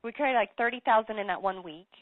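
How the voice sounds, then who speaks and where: A woman's voice: mid-range voice, fast talker, no echo. Earnest woman on a tinny phone line. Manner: earnest and emphatic, repeats key phrases. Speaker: business coach and author, interview guest. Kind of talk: interview storytelling. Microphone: telephone.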